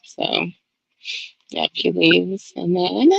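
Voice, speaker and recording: A woman hosting a casual book club podcast, talking in an animated way and swearing freely, heard over a dull, lo-fi call. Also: fairly low pitch, very slow, vocal fry, husky, no echo. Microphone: video call.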